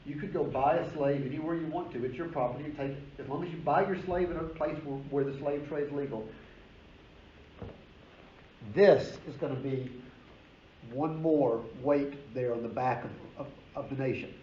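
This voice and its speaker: A man's voice: fairly high pitch, normal speed. A male history professor giving a classroom lecture, telling the story with energy and emphasis and dropping casual asides. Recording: roomy, dull lecture recording with faint noise.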